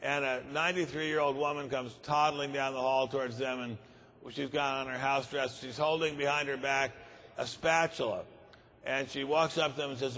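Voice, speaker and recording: Dry, unhurried man telling jokes. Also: medium pitch, fairly even intonation, a bit bright. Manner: dry, unhurried, frequent uhs. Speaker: conference speaker. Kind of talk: stand-up joke telling. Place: large conference hall. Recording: long reverb of a large conference hall.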